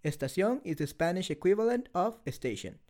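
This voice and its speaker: A male language teacher giving a measured, scripted lesson explanation. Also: sits high, very animated, a little mellow.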